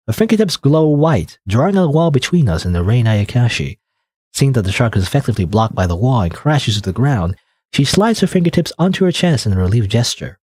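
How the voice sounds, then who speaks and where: A man's voice: mid-range voice, sing-song, brisk, darkish tone, husky, no room sound. A man casually reading a visual novel aloud and chatting about it, rambling with lots of "like" and "you know". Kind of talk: casual let's-play commentary and narration.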